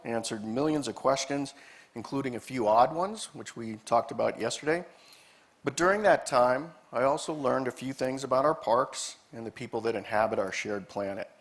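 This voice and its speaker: A man giving a live presentation, telling stories from his years as a park ranger and acting out the dialogue. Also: medium pitch. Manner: animated storyteller, acts out quoted dialogue. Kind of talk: storytelling presentation to a live audience. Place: presentation room with a projector screen.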